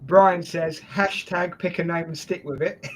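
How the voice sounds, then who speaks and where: A man hosting a casual football preview chat, joking and calling his guests mate. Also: high-pitched. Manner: jokey, chatty, addresses guests as mate. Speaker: host.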